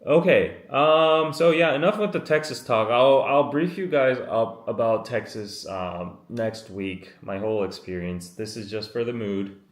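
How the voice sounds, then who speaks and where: A man's voice: mid-range voice, a little slow, hardly any pauses. A man in his thirties hosting a casual live stream, chatty and apologetic as he reads out viewer comments, worn out after a day in the heat. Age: 30s. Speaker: live-stream podcast host. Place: makeshift room away from his usual setup. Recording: roomy, echoey room sound.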